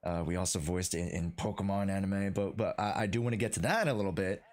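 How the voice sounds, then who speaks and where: A man with a very low voice hosting a streamed interview. He asks his questions in a relaxed, rambling way, full of fillers and restarts. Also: fast. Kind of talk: casual interview.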